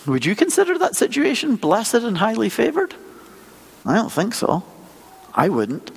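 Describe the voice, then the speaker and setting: A man preaching a sermon as a pastor, telling stories in a lively, conversational way and acting out small scenes. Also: high voice, measured pace, vocal fry, long reverb tail, slight background noise. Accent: non-local accent.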